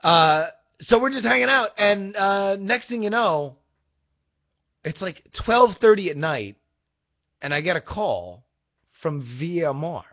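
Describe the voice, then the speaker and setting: A young man hosting a video, telling a casual, rambling story in an exasperated, animated way. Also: high voice, unhurried, long pauses. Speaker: vlog host. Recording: dull lo-fi audio.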